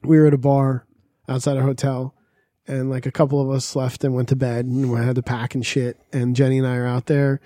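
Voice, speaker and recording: A man's voice: medium pitch, level tone, brisk, mellow, dry recording, studio quality. A man telling travel stories in loose, crude casual chat, laughing and swearing as he goes. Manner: storytelling, laughs often, swears freely.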